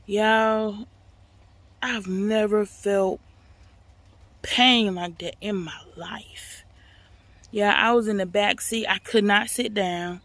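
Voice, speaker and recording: A woman vlogger telling a personal story in a casual, animated way, talking straight to her viewers. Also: medium pitch, slow, pauses often, no echo.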